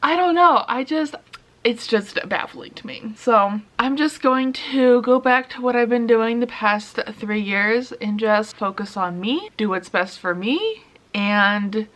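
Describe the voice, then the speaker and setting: A woman's voice: fairly high pitch, animated, a little slow, a bit bright. A young woman talking candidly to the camera in a confessional vlog, laughing between sentences. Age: young adult. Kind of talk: casual confessional vlog chat.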